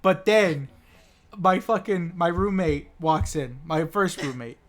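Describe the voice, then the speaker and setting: A man's voice: a little high, takes it slowly, a little hiss or hum. A young man casually telling a story to friends on a podcast, rambling, stammering and restarting, acting out what people said. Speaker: podcast co-host.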